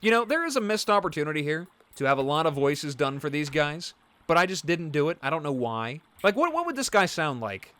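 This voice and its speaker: A man giving casual let's play commentary, joking at his own expense as he shows off his work. His voice sits slightly high for a man and is very animated, with big swings up and down. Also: a little fast, no echo. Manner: animated, self-deprecating and jokey.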